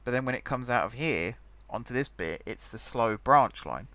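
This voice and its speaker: A man's voice: mid-range voice, lively intonation, moderate pace, sharp tone, no room sound. A young man hosting a game let's play, rambling chattily and thinking aloud as he types. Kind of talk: casual gameplay commentary.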